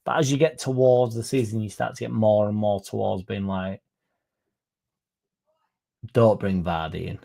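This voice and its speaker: A man's voice: on the low side, steady tone, brisk, creaky, hardly any pauses, warm tone. A man hosting a casual live-stream, reading out viewer comments and rambling with swearing and self-interruptions. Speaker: fan channel host.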